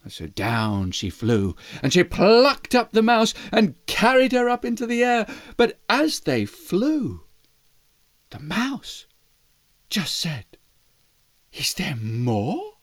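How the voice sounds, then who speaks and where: Bedtime storyteller: gentle, slow, lively intonation, soft guitar behind. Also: medium pitch, dry recording.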